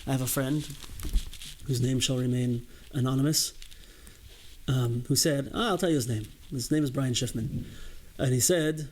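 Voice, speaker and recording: A man preaching in a sermon, his voice sitting at an ordinary middle pitch. He talks earnestly and with emphasis, doubling back on words as he builds. There is a faint hiss behind him. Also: moderate pace, a little mellow, low-quality recording. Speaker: rabbi giving a holiday sermon.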